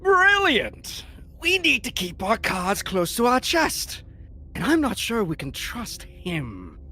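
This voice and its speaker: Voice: medium pitch, breathy edge, full character voice. A streamer voicing the player's wary, sly inner voice in a game read-through. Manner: animated, sly, quick to backpedal. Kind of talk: reading a game aloud.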